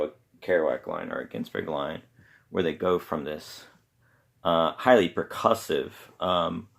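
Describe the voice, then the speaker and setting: A man hosting a podcast from a room at home, talking casually about poetry in a rambling, halting way. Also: deep voice, vocal fry. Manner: rambling, halting with many pauses. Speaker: podcast host. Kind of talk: casual solo talk on poetry. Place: home room with pets around.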